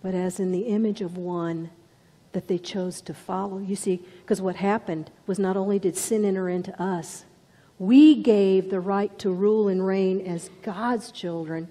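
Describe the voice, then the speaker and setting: Slow-preaching woman in a reverberant church. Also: medium pitch, fairly even intonation. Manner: dramatic storytelling with soft whispered passages. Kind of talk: sermon.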